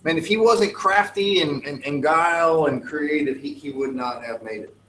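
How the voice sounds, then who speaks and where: Joking, animated male teacher in echoey classroom. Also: a little high, normal speed, slight background noise. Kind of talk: classroom lecture. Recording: echoey classroom with faint ambience.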